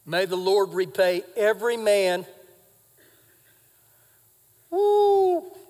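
A man preaching live in a church hall, his voice very high for a man and ringing with long reverb. He swings from shouting to hushed, confiding retellings of scripture. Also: very animated, extremely slow. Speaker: pastor. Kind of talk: sermon. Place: church sanctuary.

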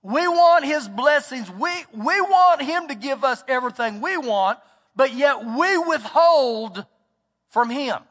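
An extremely high-pitched, animated, slightly bright male voice belongs to a pastor delivering an emphatic sermon at a slow pace. He tells a story, acting out quotes and repeating words for emphasis, while a church hall's long reverb surrounds him.

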